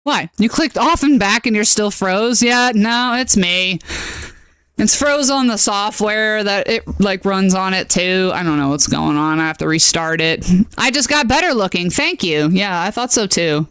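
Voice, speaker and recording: A woman's voice: mid-range voice, measured pace, a bit bright, clear, resonant tone, dry recording, clean studio sound. A nasal-voiced woman casually chatting with her viewers while she streams a game, self-deprecating and exasperated by technical trouble. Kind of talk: casual live-stream chat while gaming.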